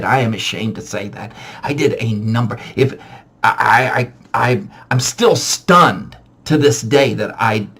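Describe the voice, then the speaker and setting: A man casually telling a funny true story from his childhood, animated and self-mocking, with frequent restarts. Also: mid-range voice, breathy edge.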